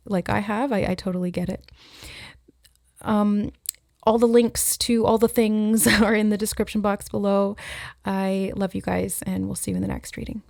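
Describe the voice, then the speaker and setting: A woman's voice: medium pitch, level tone, normal speed, gravelly, a little mellow, no room sound, clean studio sound. A woman giving an intuitive tarot reading, musing aloud and relaying messages as she receives them. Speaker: tarot reader. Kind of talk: intuitive card reading to camera.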